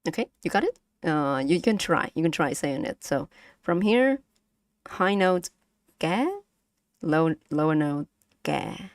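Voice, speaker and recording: A woman's voice: low-pitched, expressive, measured pace, no room sound, clean studio sound. A woman with a Vietnamese accent teaching her stream chat to pronounce Vietnamese tones in a playful, giggly way. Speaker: vtuber language streamer. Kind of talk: casual language lesson to stream chat.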